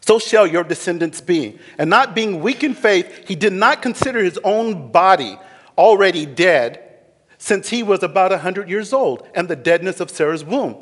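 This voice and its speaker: High pitched pastor guy preaching, swoops all over, echoey church hall. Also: moderate pace. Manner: animated preaching, voices biblical figures, laughs. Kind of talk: sermon.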